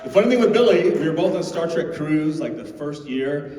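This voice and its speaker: A man's voice: fairly high pitch, a little fast, slight background noise. A middle-aged man telling comedy stories on a convention stage, laughing and acting out the voices of people in his stories. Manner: animated, laughing, acts out quoted voices. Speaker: stand-up comedian. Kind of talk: stand-up storytelling. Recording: echoey hall from far off.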